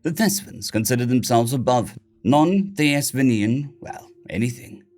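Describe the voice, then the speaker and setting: A man's voice: medium pitch, expressive, measured pace, darkish tone, soft background music. A man steadily narrating a science fiction short story. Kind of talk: scripted sci-fi story narration.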